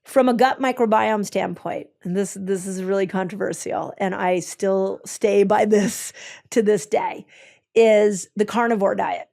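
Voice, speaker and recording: A woman's voice: mid-range voice, measured pace, gravelly, a little mellow. A woman, a health expert with her own clinic, explaining her ideas in an eager, conversational way, stepping through each point with frequent ums and restarts. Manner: enthusiastic, explains step by step, many ums and restarts.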